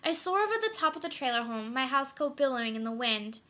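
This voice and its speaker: A young woman acting a monologue as a reclusive, fiercely protective mother who swings from flat routine to frantic outbursts. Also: sits high, fast talker, heavily acted. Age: young adult. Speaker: student actor. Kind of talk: theatrical monologue.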